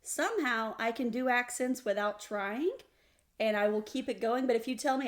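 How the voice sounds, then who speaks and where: A woman's voice: fairly high pitch, normal speed. A woman from Alabama, co-hosting a casual podcast chat with dry, wry humor. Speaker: podcast co-host.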